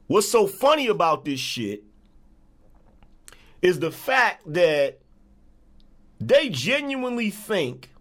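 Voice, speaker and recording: A man's voice: high-pitched, big pitch swings, slow, pauses often, a bit bright. A man hosting a livestream, ranting at viewers in a profane, repetitive, confrontational way. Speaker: livestream host. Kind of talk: angry livestream rant.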